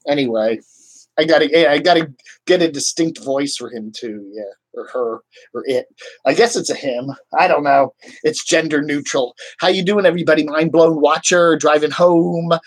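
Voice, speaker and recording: A man's voice: a little high, moderate pace, no room sound. A man chatting casually to viewers on a live stream into a webcam mic, rambling with lots of "I don't know, man".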